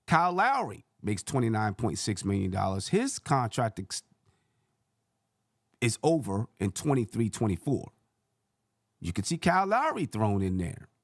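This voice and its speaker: A man's voice: fairly low pitch, very animated, measured pace, long pauses, no room sound, clean studio sound. A man hosting a sports channel, rambling through casual basketball commentary and correcting himself as he thinks aloud.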